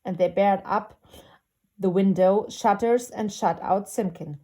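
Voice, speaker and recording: A woman reading a classic storybook aloud as a gentle, unhurried storyteller. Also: mid-range voice.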